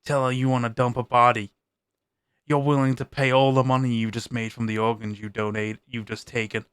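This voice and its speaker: A man's voice: mid-range voice, flat delivery, a little fast, a bit bright, smooth, dry recording, studio quality, voice pushed down, natural voice. A man voicing a crude, scheming vampire who gives blunt, profane orders in a tabletop game. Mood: menacing.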